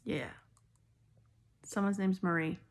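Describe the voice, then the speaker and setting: Slow, gravelly older woman tarot reader. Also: lowish voice. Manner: rambling free-association, trailing into whispered asides. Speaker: tarot reader and spiritual healer. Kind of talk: intuitive collective tarot reading.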